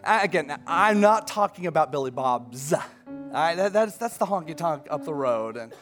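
A man's voice: on the high side, animated, normal speed, a bit bright, soft background music. A male pastor preaching a sermon in a church, emphatic and building to fervent declarations. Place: church sanctuary.

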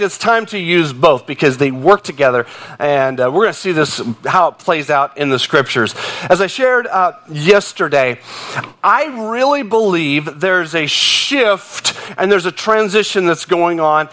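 High bright animated preaching man. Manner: animated, chatty, with laughs and restarts. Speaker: pastor. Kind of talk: sermon with personal storytelling.

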